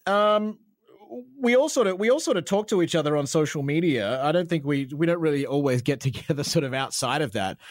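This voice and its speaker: A radio presenter in his thirties with an Australian accent speaks frankly as a guest in a casual interview, chatty and full of restarts and fillers. His voice is fairly high and animated, a little fast, with clean studio sound and no room sound.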